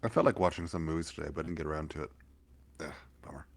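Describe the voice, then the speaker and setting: A man's voice: extremely low pitch, very fast. A man co-hosting a podcast in a laid-back way, letting his sentences trail off. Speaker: podcast co-host. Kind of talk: casual chat.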